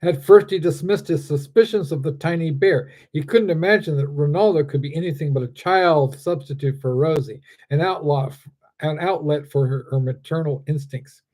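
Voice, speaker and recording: Author reading his story aloud; fairly high, mellow male voice. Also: moderate pace.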